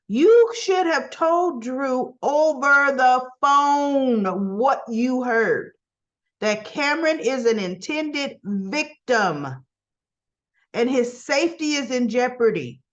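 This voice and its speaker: A woman's voice: sits high, muffled recording. A woman casually recapping a soap opera episode, acting out the characters' lines and adding exasperated asides.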